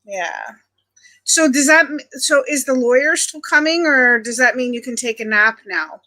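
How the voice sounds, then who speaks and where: Middle-aged woman from Ontario, livestream host; chatty and friendly with viewers, bright, slightly high voice. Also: animated, normal speed. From Canada (Ontario). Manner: chatty, greets viewers by nickname. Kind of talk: casual chat with live viewers.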